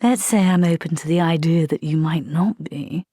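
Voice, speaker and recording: A woman's voice: low-pitched, normal speed, mellow, husky, dry recording, studio quality. A woman voicing a sly male vampire soldier recruit who draws out his words for theatrical menace. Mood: probing.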